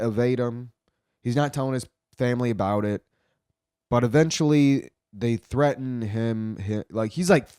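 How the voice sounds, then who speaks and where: A man's voice: mid-range voice, a little mellow, no room sound. Profane rambling man, dry close sound. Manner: profane, rambling, with frequent restarts. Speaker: commentator. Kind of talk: casual retelling commentary.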